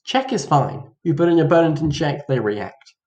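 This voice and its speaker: A man's voice: a little high, lively intonation, moderate pace, a little mellow. A man giving a casual chess lesson, playful and mock-dramatic, acting out both players' reactions. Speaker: chess teacher. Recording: roomy echo.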